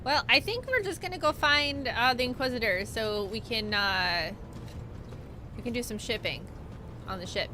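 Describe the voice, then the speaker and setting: A woman's voice: on the high side, animated, moderate pace, sharp tone, a little hiss or hum. A young woman streaming a video game, chatting playfully and joking with her viewers. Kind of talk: casual gaming stream chat.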